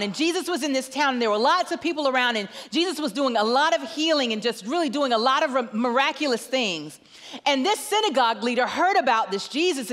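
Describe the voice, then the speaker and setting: A middle-aged woman preaches in a large church. Her voice sits high, and she acts out family dialogue with lively storytelling. A long reverb trails each phrase through the hall. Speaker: guest pastor. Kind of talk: sermon with storytelling.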